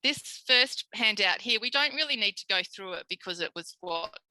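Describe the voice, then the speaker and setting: Australian woman, speech pathology lecturer, very bright voice, dry close sound, animated delivery. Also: medium pitch, moderate pace, no room sound, poor audio. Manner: animated, acts out quoted voices. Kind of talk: recorded tutorial lecture.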